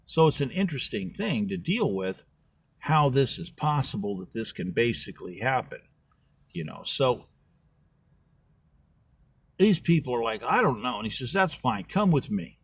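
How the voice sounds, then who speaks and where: A man's voice: medium pitch, big pitch swings, normal speed, pauses often, breathy edge, no room sound. A man telling a rambling, folksy story in a casual monologue, acting out both sides of imagined conversations. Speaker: political candidate.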